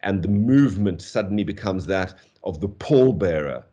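A man's voice: low voice, expressive, normal speed, warm tone. A man giving a university literature lecture, talking in long discursive runs peppered with "okay" and "whatever", and beating out poetic meter aloud. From South Africa. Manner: taps out meter aloud with syllables.

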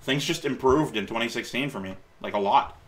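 Talking a little fast at a medium pitch, a man in his late twenties reacts to his own old video in a casual way. Rambling and fixing his words as he goes, he laughs at himself and shares some encouragement.

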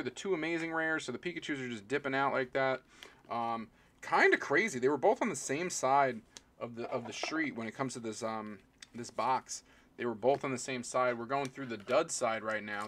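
A man's voice: mid-range voice, a bit bright, slight background noise. A man live-streaming as he opens trading card packs, chatting casually and naming each card as it comes out. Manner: chatty, rambling, calls out each card as it is pulled; talks to viewers and people in the room.

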